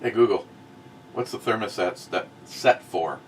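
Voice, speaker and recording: A middle-aged man hosting a casual talk show, blunt and profane, swinging from muttered asides to loud outbursts. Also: fairly low pitch, a little slow, far from the mic, slight background noise. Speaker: host of a review show.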